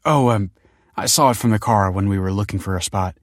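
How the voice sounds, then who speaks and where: A man's voice: on the low side, brisk, no room sound, clean studio sound, natural voice. A man voicing a tense, secretive mother who snaps curt retorts. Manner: snappy, clipped retorts.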